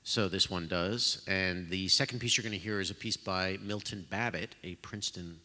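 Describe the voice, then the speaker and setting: Deep-voiced man hosting in a reverberant hall. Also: steady tone, pushed and bright. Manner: self-deprecating, joking, halting with fillers. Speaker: host of a pre-concert talk. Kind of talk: casual live talk to an audience. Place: concert hall. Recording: long reverb of a concert hall.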